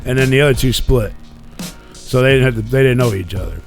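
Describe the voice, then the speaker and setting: A man's voice: medium pitch, fast talker, gravelly, faint music behind. Profane, rambling man telling stories. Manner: profane, rambling, laid-back. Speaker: radio show host. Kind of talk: casual storytelling chat.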